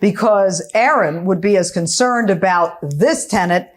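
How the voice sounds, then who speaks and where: A woman's voice: medium pitch, measured pace. A woman serving as a television court judge, questioning the parties bluntly and with open disbelief. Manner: blunt, incredulous, sharp-tongued.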